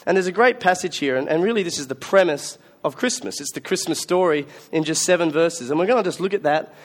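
A man's voice: on the high side, quick pace. A man preaching a Christmas sermon, telling stories in a conversational, self-mocking way. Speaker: pastor.

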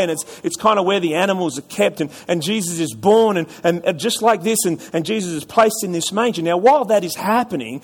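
A man preaching a sermon to a congregation, chatty and storytelling, often repeating words and asking the audience questions. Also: high voice. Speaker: pastor. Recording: long hall reverb.

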